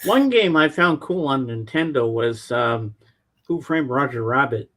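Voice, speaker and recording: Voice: medium pitch, expressive, measured pace, fairly bright tone. A co-host in casual chat, reminiscing and telling stories. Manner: storytelling, reminiscing.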